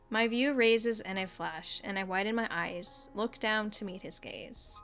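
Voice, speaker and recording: A woman streaming a video game, reading its story text aloud in a soft, level voice. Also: medium pitch, measured pace, few pauses, faint music behind. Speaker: gaming streamer.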